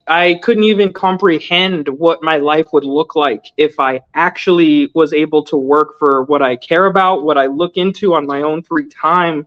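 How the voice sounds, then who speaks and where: Young male guest, high voice, rambling earnest delivery, dull lo-fi audio. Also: a bit bright. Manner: loose, filler-heavy, earnest. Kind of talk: casual storytelling interview.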